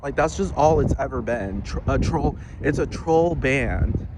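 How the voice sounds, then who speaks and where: A man's voice: medium pitch, expressive, unhurried, noisy background. A man vlogging a heated, profane rant with many restarts, outdoors. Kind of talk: casual ranting monologue.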